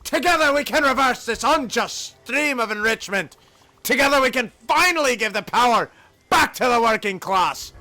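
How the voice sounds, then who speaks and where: A man's voice: very high voice, lively intonation, normal speed, sharp tone, voice pushed up, full character voice. Brief: Scottish-accented union firebrand, rousing and declaiming, voiced by a man in a game. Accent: put-on Scottish. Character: fiery male union organizer rallying workers.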